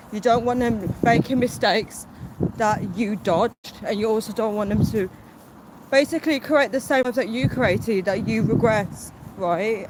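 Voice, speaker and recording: A woman on a casual live video, chatty, easily distracted and apologetic, out of breath as she walks along a city street talking into her phone. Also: on the high side. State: out of breath from walking. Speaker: vlogger doing a live video. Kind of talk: casual rambling live stream while walking. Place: busy city street outdoors. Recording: loud street traffic behind.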